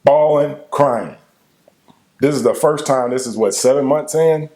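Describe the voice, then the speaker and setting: Young man, co-host, casual storyteller, halting, emotional delivery. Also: medium pitch, darkish tone, roomy sound. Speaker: co-host telling a couple's story.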